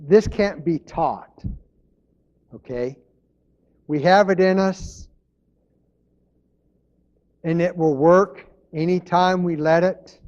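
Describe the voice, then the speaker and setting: A man's voice: on the high side, slow, long pauses, darkish tone, highs cut off. A man preaching a sermon as pastor, in an earnest manner, repeating his key phrases.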